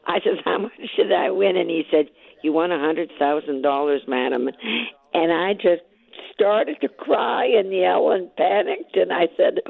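A woman with a raspy voice calling into a radio show, telling her story with excitement and acting out both sides of each conversation. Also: fairly low pitch, normal speed, no room sound. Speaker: caller, lottery winner. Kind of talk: phone-in radio interview. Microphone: telephone. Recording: tinny phone line.

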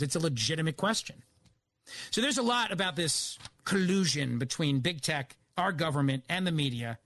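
A man's voice: a little high, animated, brisk, fairly bright tone, no room sound. A man filling in as a radio host, delivering an opinionated monologue in an emphatic, argumentative way with many rhetorical questions, on a studio microphone. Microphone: studio broadcast microphone.

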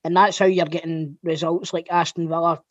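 A man's voice: on the high side, level tone, brisk, no room sound, dull audio. A Scottish man chatting on a podcast, jokey and sweary. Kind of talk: casual podcast chat.

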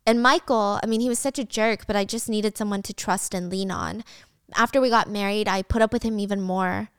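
A woman reading the lines of a hurt, self-blaming young woman in a soft, regretful way. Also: medium pitch, fairly even intonation, brisk, smooth, no room sound, clean studio sound, lightly acted.

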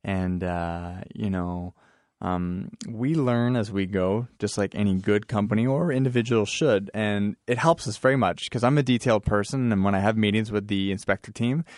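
Male business-owner guest, lowish voice, loose and chatty, dry close mic. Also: normal speed, darkish tone, dry recording. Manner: chatty, rambling, many fillers and laughs. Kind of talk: casual radio interview. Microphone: studio microphone.

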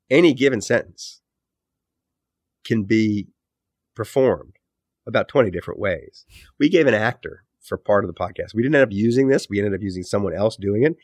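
A middle-aged man, an author, answering interview questions in a thoughtful, self-correcting way, often trailing off low at the ends of phrases. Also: no echo, studio quality. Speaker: author and podcast host, guest.

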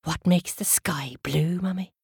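A woman's voice: lowish voice, a little slow, creaky, darkish tone, breathy edge, dry recording, studio quality, full character voice. A woman voicing a curious little girl who never stops asking questions, eager and insistent. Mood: pleading.

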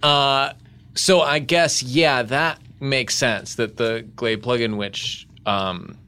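A man's voice: mid-range voice, fairly even intonation, slow pace, sharp tone, clear, resonant tone. A man hosting a podcast, questioning his guest in a dry, mock-serious way. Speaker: podcast host. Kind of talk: casual podcast interview.

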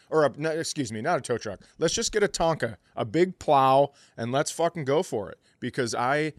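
A man's voice: mid-range voice, moderate pace, few pauses, no echo, clean studio sound. A middle-aged man co-hosting a podcast, telling a story casually, with profanity and quoted voices. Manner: animated, profane, acts out quotes in raised voice. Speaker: podcast co-host.

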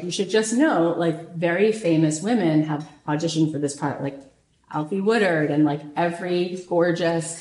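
A woman hosting a show, retelling a story in a lively, casual way, repeating phrases and often saying "like". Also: lowish voice, a little hiss or hum. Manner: animated, repeats phrases, frequent "like". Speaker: podcast host. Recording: roomy echo.

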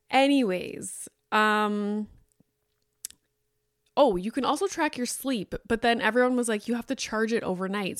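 A woman's voice: medium pitch, no room sound. Chatty woman with a dry close sound. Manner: chatty, rambling, many fillers, candid. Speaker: podcast host. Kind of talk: casual solo podcast chat.

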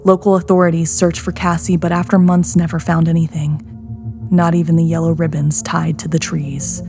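A woman hosting a podcast, narrating a scary story in a hushed voice that often sinks to a whisper. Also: fairly low pitch, little pitch movement, moderate pace. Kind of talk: scripted horror story narration. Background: background music.

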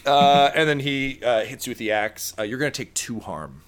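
Game master, a man with a bright, clear voice, relaxed and full of fillers. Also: medium pitch, moderate pace. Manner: laid-back, many fillers. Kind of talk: narrating a tabletop game. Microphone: video call.

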